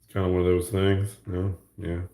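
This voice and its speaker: A man's voice: sits low, completely flat delivery, fairly quick, dark tone. A man hosting his own channel, chatting casually and jokingly while he draws. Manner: rambling, jokey, self-mocking. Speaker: channel host. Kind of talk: casual chat while drawing.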